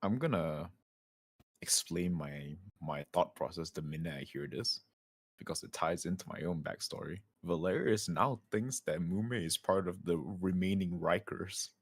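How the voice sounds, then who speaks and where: Man player, very low voice, dry close sound, talks through his character's reasoning. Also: unhurried, breathy edge, no room sound. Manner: explains at length, drops to a whisper in character. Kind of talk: casual tabletop role-play chat.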